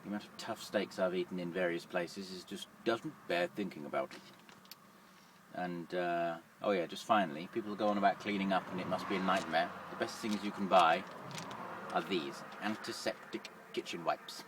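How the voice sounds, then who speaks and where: Trucker doing a cooking vlog in his cab, low bright voice, bit far from the mic, faint engine hum. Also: normal speed. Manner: chatty, self-deprecating, wry. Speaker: lorry driver vlogger. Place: lorry cab at night.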